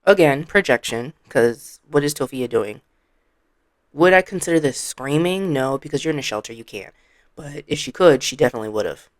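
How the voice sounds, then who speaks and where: A commentary vlogger with a blunt, sassy manner, talking straight to the audience. The voice sits mid-pitch and sounds close and dry. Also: expressive, moderate pace, dry recording. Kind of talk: casual commentary.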